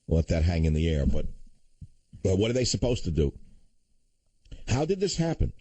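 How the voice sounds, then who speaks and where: An older man hosts a talk radio show, ranting with sarcastic indignation before turning somber, swinging between outrage and gravity. His deep voice is warm with a breathy edge, moves a lot in pitch, and keeps a normal speed. It's a dry recording made on a studio microphone.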